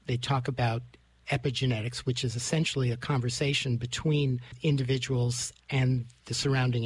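A man's voice: mid-range voice, slightly rough. A male host asking reflective, enthusiastic questions in an interview.

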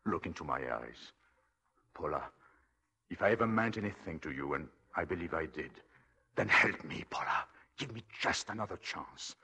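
A man's voice: deep voice, expressive, moderate pace, sharp tone, full character voice. An actor playing a scheming, desperate husband in a 1940s radio drama, pleading with his wife. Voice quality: gravelly, pleading.

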